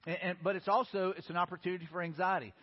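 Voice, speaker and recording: A man's voice: high-pitched, steady tone, very fast, slightly rough. A man preaching a casual, conversational sermon, acting out the voices of the people in his story. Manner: conversational, acts out quoted voices. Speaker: pastor. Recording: muffled sound in a reverberant hall.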